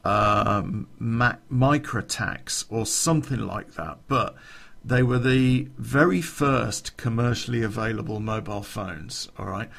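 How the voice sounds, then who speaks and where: A man's voice: lowish voice, unhurried, vocal fry, a bit bright. A man telling a rambling podcast anecdote, chuckling and swearing as he goes. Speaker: podcast storyteller.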